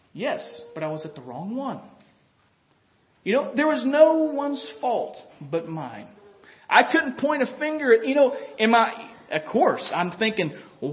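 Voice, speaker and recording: A man with a very high voice preaches a sermon, his pitch rising and falling as he tells a story. He acts out the inner voices of the people he describes and chuckles between points. The recording is dull and lo-fi.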